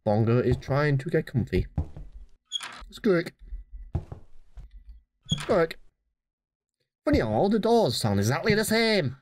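A man giving dry, deadpan let's play commentary while playing a horror game. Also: on the high side, brisk, hardly any pauses, slight background noise.

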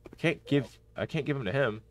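A man hosting a gaming channel, giving casual commentary on a horror game, talking to himself and yelling when panicked. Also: mid-range voice, a little fast. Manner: excitable, talks to himself and yells in panic.

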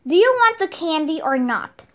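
A woman's voice: high voice, big pitch swings, normal speed, a bit bright. A woman reading as a batty spooky secretary. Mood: teasing. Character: eccentric spooky woman school secretary in witch costume. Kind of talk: storybook read-aloud.

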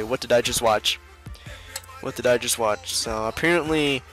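A man's voice: mid-range voice, a bit bright. Male host, sarcastic and exasperated, home mic, faint music underneath. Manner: exasperated and sarcastic, frequent laughs. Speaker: video host and duel commentator. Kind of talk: casual game commentary.

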